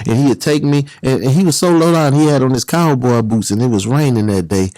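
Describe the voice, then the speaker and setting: Brief: male guest, casual storyteller, animated, slips into other people's voices, dry close mic. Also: mid-range voice, brisk, no room sound. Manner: animated, acts out the other voices in his stories.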